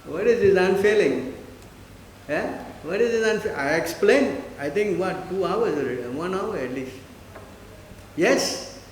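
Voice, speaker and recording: A man giving a lively spiritual lecture, full of rhetorical questions. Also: high voice, unhurried. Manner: animated, rhetorical questions, mimics listeners. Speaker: spiritual teacher. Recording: echoey hall, faint noise.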